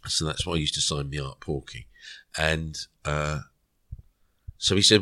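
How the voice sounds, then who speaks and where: A middle-aged man with an extremely deep, low voice spins a rambling anecdote for a podcast. He slips into quoted dialogue as he goes. The sound is dry and close, with no room echo. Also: fairly even intonation, moderate pace, sharp tone. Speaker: podcast guest. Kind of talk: storytelling interview.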